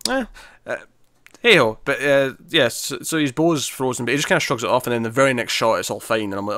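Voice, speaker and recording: Man, podcast co-host, casual chat, rapid talker, dry close sound. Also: medium pitch, animated, pushed and bright, dry recording. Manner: chatty, laughs often, acts out characters' lines.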